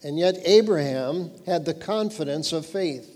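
A man preaching a sermon, earnest and emphatic, dropping lower and quieter when he reads scripture. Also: lively intonation, unhurried. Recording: long hall reverb.

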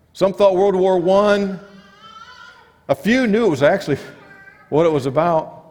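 A man preaching a sermon, rising for emphasis and dropping to quiet, low stresses. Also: big pitch swings, normal speed, long pauses. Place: church sanctuary. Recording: long church reverb.

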